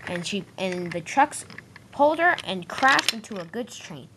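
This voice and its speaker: A woman's voice: mid-range voice, big pitch swings, a little slow, noisy background. A woman narrating a storybook-style toy train adventure, reading steadily with small restarts.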